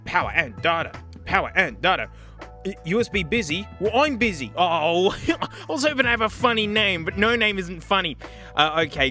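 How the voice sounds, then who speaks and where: An excitable man with a high, bright voice that jumps all over the place as he chats and jokes through a casual tech video. Faint music plays underneath. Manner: excitable, jokey, many exclamations and laughs. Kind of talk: casual unboxing commentary.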